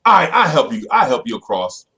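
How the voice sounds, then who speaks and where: A gruff, mocking male eagle, as a man telling a fable puts him on. He talks in short, blunt lines full of slang. The voice moves up and down a lot. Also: medium pitch, huge pitch swings, brisk, sharp tone, full character voice. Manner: curt and slangy.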